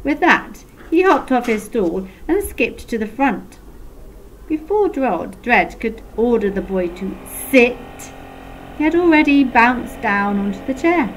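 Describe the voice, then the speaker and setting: A woman slowly reading a children's story aloud, with playful sound effects. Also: on the high side, sing-song, slight background noise, rough recording.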